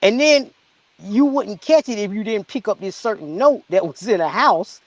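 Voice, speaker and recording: High-voiced man in casual chat. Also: moderate pace, dry recording. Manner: animated, repeats words while getting going. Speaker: podcast co-host.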